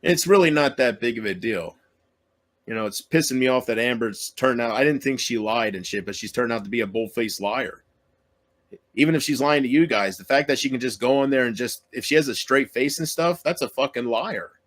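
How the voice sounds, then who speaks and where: A man's voice: mid-range voice, fairly quick. A man vlogging to his viewers in an upset, pleading rant, swearing and repeating himself, close to tears.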